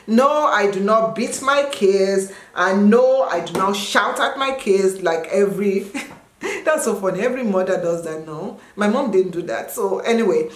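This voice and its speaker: A woman from Nigeria, around her thirties, chatting casually as she answers viewer questions and jumping into high sung and yelled bits. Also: normal speed, echoey room, a little hiss or hum. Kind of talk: casual chat.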